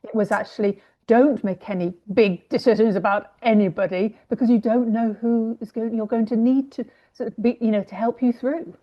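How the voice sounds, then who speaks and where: A woman's voice: on the high side, fairly even intonation, normal speed, hardly any pauses. Reflective woman on dull lo-fi audio. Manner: thoughtful, rambling, many asides. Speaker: guest coach and writer. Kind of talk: reflective podcast conversation.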